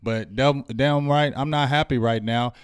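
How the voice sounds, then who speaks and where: A man's voice: medium pitch, fairly even intonation, measured pace, clean tone, no echo, clean studio sound. A man co-hosting a live fan sports show, ranting with preachy fire.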